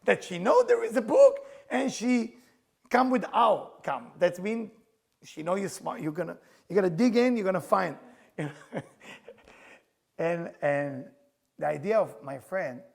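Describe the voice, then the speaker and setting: A man teaching with personal stories, an animated storyteller who speaks English as a second language with loose grammar. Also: high-pitched, measured pace, creaky. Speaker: spiritual teacher.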